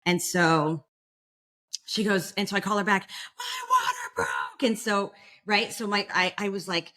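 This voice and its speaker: A woman's voice: medium pitch, moderate pace. A young woman chatting casually as a podcast guest, telling a long story and acting out the voices of the people in it. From Florida. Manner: animated, acts out quoted voices.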